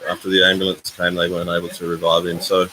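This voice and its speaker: A deep-voiced man in his sixties chats casually on a live stream from a residential complex. He rambles between stories and thanks donors one by one. A steady wash of ambient noise sits behind him. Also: fast talker. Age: 60s. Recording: noisy ambient background.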